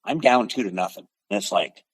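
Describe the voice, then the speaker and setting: A man in his seventies from the Pacific Northwest, a podcast guest telling animated stories in conversation, punctuated with sound effects. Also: on the low side, brisk, breathy edge, dry recording, low-quality recording. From Pacific Northwest, USA. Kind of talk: storytelling in conversation.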